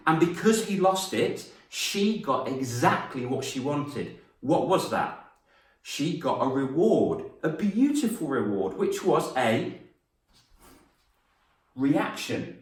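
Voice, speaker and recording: Young male coach, lively storyteller who acts out voices, middle pitch, recorded from a distance with a roomy echo. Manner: animated, laughs at his own stories, acts out voices. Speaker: confidence coach and former teacher. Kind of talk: storytelling lesson to camera. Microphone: camera mic. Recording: roomy echo, mic set back.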